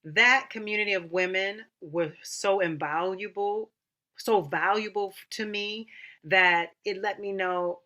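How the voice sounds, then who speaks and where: A woman opera singer and mother telling her story in an animated, casual way in a panel chat, calling people honey and girl. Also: medium pitch, unhurried.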